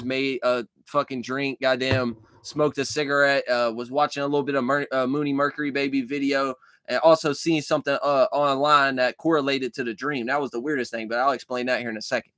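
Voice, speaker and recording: A man's voice: mid-range voice, fairly bright tone, clear, resonant tone, no echo. A young man telling a long dream story in a casual, rambling way, swearing often, repeating himself and restarting his sentences. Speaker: vlogger recounting a dream.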